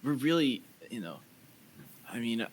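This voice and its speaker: A man's voice: mid-range voice, sing-song, a little slow, low-quality recording. A man voicing a nervous male raider who rambles and keeps stumbling over his words to please the group.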